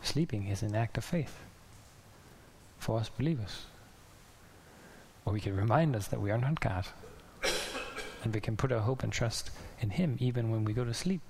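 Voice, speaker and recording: Man, pastor, casual sermon, gravelly, laughs often, faint hiss. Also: on the low side, moderate pace, pauses often, a little mellow. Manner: chatty, laughs often, acts out voices.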